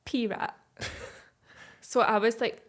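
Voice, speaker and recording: A Scottish woman in her twenties, a podcast guest telling casual stories in an animated, chatty way and laughing often. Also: medium pitch, normal speed. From Scotland. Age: 20s. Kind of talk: casual chat.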